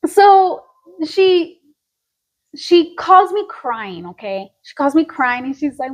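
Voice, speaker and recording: A woman's voice: sits high, unhurried, lo-fi sound. A woman, chatting casually as a podcast co-host and acting out the quotes in her stories. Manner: animated storyteller, acts out quotes, laughs often. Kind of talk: casual chat.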